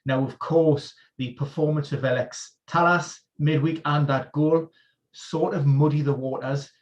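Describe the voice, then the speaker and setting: A man's voice: fairly high pitch, steady tone, lo-fi sound. Man rattling off football injury news. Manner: informed, rapid-fire rundown of player news. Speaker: injury expert. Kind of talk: live-streamed football team news. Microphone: video call.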